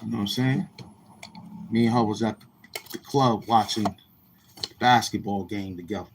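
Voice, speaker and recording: A man telling casual stories in a slangy, rambling way, often repeating himself and acting out other people in a higher voice. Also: normal speed, slight background noise. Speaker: YouTuber. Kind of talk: casual street-talk storytelling.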